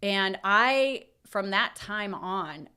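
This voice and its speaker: A woman in her thirties tells a personal story as a podcast co-host. Her voice sits at an ordinary pitch, and she talks in a lively, emotional way, acting out her own thoughts as she goes. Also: extremely slow, clean tone. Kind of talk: casual chat.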